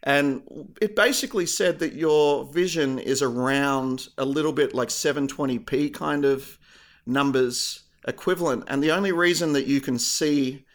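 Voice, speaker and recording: A man chats loosely on a podcast, wandering off topic and swearing casually. His pitch sits mid-range for a man, and his talk stays easygoing. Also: moderate pace. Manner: rambling, joking, swears casually. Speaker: podcast co-host. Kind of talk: casual chat.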